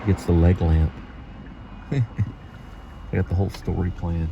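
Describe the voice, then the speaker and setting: A man's voice: sits low, level tone, measured pace, vocal fry, lo-fi sound. A man hosting a casual driving vlog as a delivery driver, rambling and joking while he drives. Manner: rambling, jokey storytelling. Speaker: delivery driver, show host. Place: moving car. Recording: loud car road noise.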